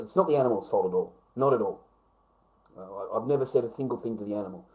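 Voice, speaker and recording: A man with an Australian accent delivering an angry, profane rant to camera, often flaring into loud, high outbursts. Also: fast, rough recording. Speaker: vlogger. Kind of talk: profane ranting monologue.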